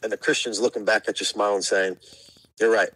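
A man's voice: on the low side, fairly even intonation, fast, pushed and bright, husky, no echo, poor audio. A middle-aged man from New York, a podcast guest, telling a rambling story and acting out what people said. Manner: rambling storyteller, acts out quotes. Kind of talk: casual podcast conversation.

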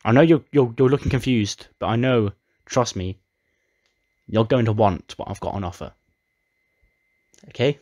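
A man's voice: medium pitch, normal speed, long pauses, darkish tone, dry recording, clean studio sound, close to an everyday voice. A man doing a scheming lady boss. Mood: teasing. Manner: coaxing, secretive. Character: female wrestling authority figure, scheming and teasing.

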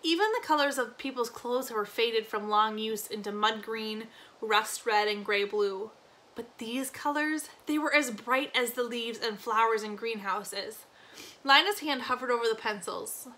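A woman teacher reading a novel chapter aloud expressively, slowing on key phrases with a few small slips. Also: on the high side, bright, forceful tone.

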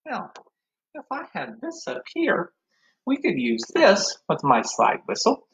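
Cheerful male music teacher, lively voice. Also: sits high, slow pace, low-quality recording. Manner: cheerful, sings along with ukulele. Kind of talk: online music class for young children.

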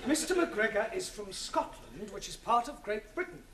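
Brief: a schoolmasterly teacher, very high voice, clipped and firm, hissy old TV audio. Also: male voice, big pitch swings, normal speed, bright, forceful tone, heavily acted. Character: exasperated male English teacher, patient but firm. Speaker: English teacher. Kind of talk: 1970s British sitcom acting. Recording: noisy old TV soundtrack.

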